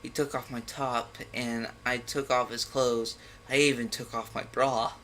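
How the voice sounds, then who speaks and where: A man's voice: mid-range voice, little pitch movement, unhurried, sharp tone, slight background noise. A man reading a bad fan fiction aloud with mocking, exasperated commentary and sudden outbursts. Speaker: comedic fan fiction reader. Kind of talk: sarcastic dramatic reading with commentary.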